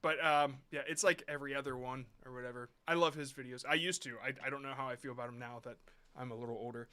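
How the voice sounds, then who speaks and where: A man's voice: medium pitch, fairly even intonation, quick pace, sharp tone, smooth. A man hosting a live stream, reviewing viewer shorts in blunt, rambling casual talk with some swearing.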